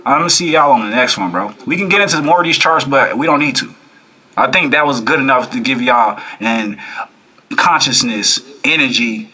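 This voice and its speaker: In a mid-range, breathy voice at a moderate pace, a man hosting a reaction video preaches casually to his audience. He's animated, repeats phrases, and keeps asking rhetorical questions.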